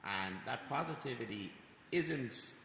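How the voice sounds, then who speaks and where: A man with an Irish accent, a gym coach co-hosting a podcast, talking in an animated, rambling way and repeating phrases. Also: medium pitch, measured pace, vocal fry. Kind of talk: casual podcast chat. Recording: echoey room with long reverb and background noise.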